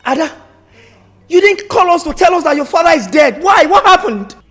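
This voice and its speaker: A man playing an outraged uncle with a Nigerian accent, his high voice ringing in a roomy, echoing space. He demands answers and issues threats, with faint music behind him. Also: very animated, moderate pace, bright, forceful tone, far from the mic, heavily acted. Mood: accusing. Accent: Nigerian English. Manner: accusing, demanding.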